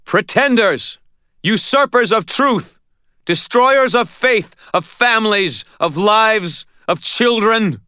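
A woman's voice: expressive, slow, pushed and bright, clear, resonant tone, no echo, clean studio sound, heavily acted. A man voicing a possessed woman warrior who thunders judgment on false gods. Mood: thundering. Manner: booming, declamatory.

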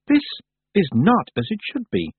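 A man voicing a cold, inhuman male winter spirit, speaking slowly and evenly in a storybook reading. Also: sits high, breathy edge, dry recording, pitched above the performer's own voice, heavily acted. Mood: demanding. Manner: slow, measured, flat delivery. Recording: dry, phone-like narrow sound.

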